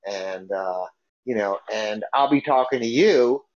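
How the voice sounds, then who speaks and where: A man's voice: lowish voice, unhurried. A man co-hosting a casual podcast, rambling with restarts and repeated phrases. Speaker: podcast co-host. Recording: dull lo-fi podcast recording.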